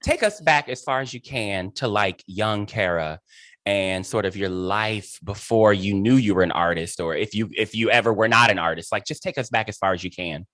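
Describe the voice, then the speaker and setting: Gushing host with a dry sound. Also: male voice, on the low side, moderate pace, a bit bright, no echo. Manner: gushing, emphatic, dotted with "child" and "honey". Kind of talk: effusive interview chat.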